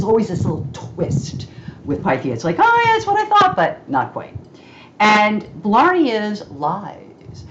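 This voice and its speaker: A woman's voice: low-pitched, highs cut off, a little hiss or hum. A woman giving an informal astrology talk, chatty and checking in with listeners by asking "okay?" as she goes.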